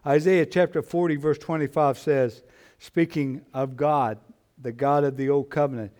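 A man preaching a sermon in church, slow and emphatic, repeating his phrases for weight. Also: medium pitch, steady tone, a little mellow. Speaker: pastor.

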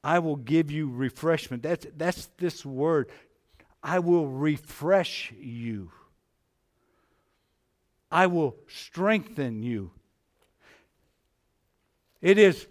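Slow, emphatic male preacher. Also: expressive. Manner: swings from hushed, low passages to loud, emphatic climbs. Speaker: pastor. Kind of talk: sermon.

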